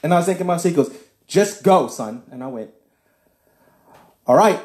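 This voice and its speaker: A man telling a personal faith testimony as casual talk, acting out both sides of a conversation with lively shifts of voice. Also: on the high side, a little fast, roomy sound. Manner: acts out dialogue with shifting voices. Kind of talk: animated storytelling testimony.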